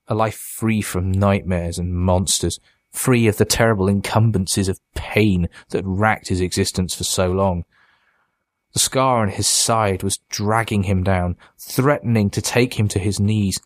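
A man reads a horror story aloud in a measured, dramatic way. His voice sits low and steady. The recording is close and dry, with no room echo. It is a scripted audiobook narration.

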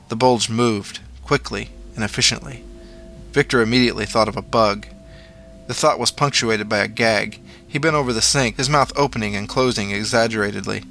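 A man reading a horror story aloud in a measured, dramatic storytelling manner. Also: on the low side, a bit bright. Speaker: narrator. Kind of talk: scripted horror story narration.

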